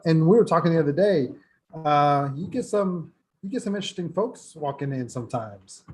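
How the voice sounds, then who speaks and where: A man's voice: on the high side, animated, moderate pace, darkish tone. A man hosting a livestream, chatting in a conversational way. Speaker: livestream host. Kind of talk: casual chat.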